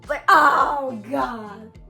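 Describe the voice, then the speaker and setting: A young adult woman telling a story-time vlog in a slangy, animated way, with big swings in loudness. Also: sits high, drawn-out words, creaky, soft background music. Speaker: vlogger.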